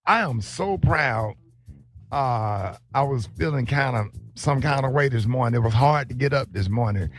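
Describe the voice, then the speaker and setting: A man's voice: mid-range voice, expressive, normal speed. Male radio host, playful teasing chat, faint music behind. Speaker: radio morning show host.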